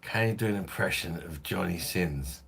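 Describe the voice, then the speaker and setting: A man's voice: low voice, normal speed, vocal fry, fairly bright tone, breathy edge. A man hosting a beer channel, chatting casually and swearing on a live stream from his phone at home, laughing often.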